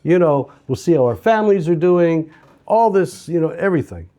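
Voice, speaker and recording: An eager, persuasive man, as a male storyteller puts him on. His voice is raised and lively, and it climbs high. It has a mellow tone. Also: normal speed, close to an everyday voice. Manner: upbeat, persuasive, animated. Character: eager adult man planning a reunion with his friend.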